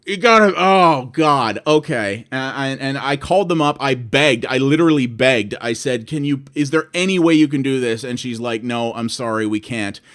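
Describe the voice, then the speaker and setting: A man's voice: medium pitch, moderate pace, few pauses, a bit bright. A man in his thirties, from Canada, ranting about bad customer service, swearing and acting out both sides of his phone calls. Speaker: vlogger. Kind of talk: ranting monologue.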